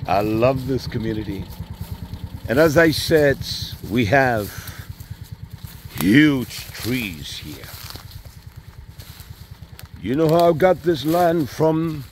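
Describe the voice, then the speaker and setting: A man's voice: medium pitch, darkish tone. Enthusiastic man touring rural land. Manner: enthusiastic, repeats himself. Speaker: community leader. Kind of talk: walking tour vlog. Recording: faint outdoor background noise.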